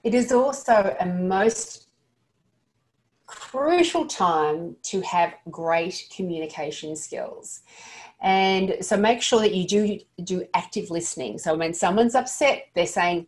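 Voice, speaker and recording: A woman's voice: lowish voice, lively intonation, slow. A woman giving an earnest, practical lesson to dental practice staff, sometimes stumbling and restarting her sentences. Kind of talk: instructional talk to dental staff.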